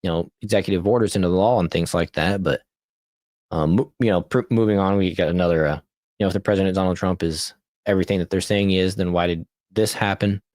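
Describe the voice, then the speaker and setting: A man's voice: low voice, fast, a little mellow, dry recording, studio quality. A man hosting a podcast, reading social media posts aloud in casual political commentary, laughing often and stumbling over and correcting his reading. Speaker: podcast host.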